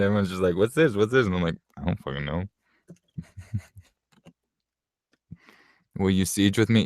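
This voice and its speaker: A man's voice: low voice, vocal fry, a little mellow, no echo, clean studio sound. A man in his late twenties at home, answering viewer questions in a blunt, offhand way, swearing and laughing often. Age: late 20s. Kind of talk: casual Q&A chat.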